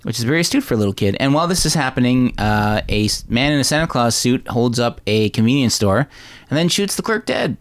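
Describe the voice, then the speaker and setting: A man's voice: mid-range voice, brisk. A man in casual chat walks friends through a film's plot. He tells it with animation, often switching into exaggerated voices for the characters. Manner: animated storytelling, acting out lines in exaggerated voices. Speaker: podcast host recapping a film.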